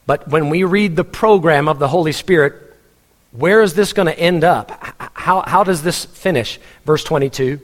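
A man's voice: on the high side, moderate pace. A pastor preaching a sermon in a church hall, earnest and humorous, speaking straight to his congregation. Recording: long church hall reverb.

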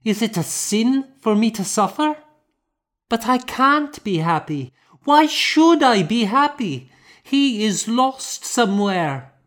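A bewildered little girl's voice, put on by a male narrator, pitched high and pleading. She speaks in an audiobook, grief turning to anger, slow and halting. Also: very animated, fairly bright tone, heavily acted. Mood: anguished. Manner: high, strained, pleading child voice. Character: grieving little girl, bewildered and angry.

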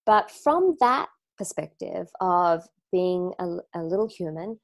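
A woman with an Australian accent, speaking in a fairly low voice as she teaches a live online class. Her delivery is reflective and conversational. She often pauses on fillers and restarts her sentences as she thinks aloud. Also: lively intonation. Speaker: wellness teacher. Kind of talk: live online talk to students.

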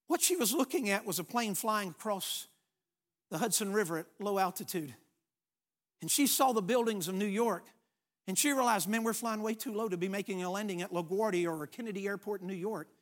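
A man delivers a sermon, and his voice sits unusually high. He preaches emphatically, swinging from hushed, quiet passages to loud, ringing ones as he reads scripture and tells stories. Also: a little fast. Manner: dramatic storytelling, emphatic, shifts between hushed and loud.

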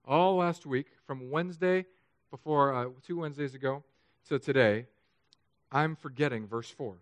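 A man preaching a sermon as pastor, candid and self-deprecating, moving between quiet confiding stretches and emphatic raised passages. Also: medium pitch, moderate pace, dry recording.

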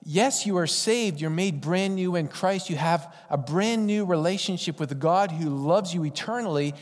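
A man's voice: high-pitched, moderate pace. Folksy male preacher in a reverberant hall. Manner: conversational, folksy storytelling. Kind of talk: sermon.

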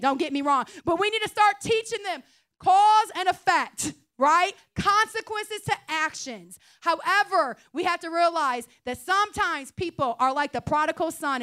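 A woman pastor giving a lively, chatty sermon, joking and acting out quotes. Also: high voice. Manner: lively, chatty preaching with jokes and acted-out quotes. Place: church.

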